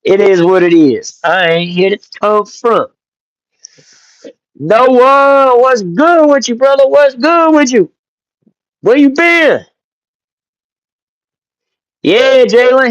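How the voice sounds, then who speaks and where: A man hosting a casual live stream, greeting chat viewers by name and telling stories in an animated, joking way with some swearing. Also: extremely high pitch, slow pace, long pauses, no echo, muffled recording. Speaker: livestream host.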